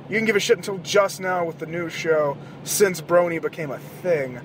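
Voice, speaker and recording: High-voiced man ranting profanely. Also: brisk, few pauses, a little hiss or hum. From American South. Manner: profane, rambling, animated outbursts. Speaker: podcast host. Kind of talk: casual rambling monologue. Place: car at night.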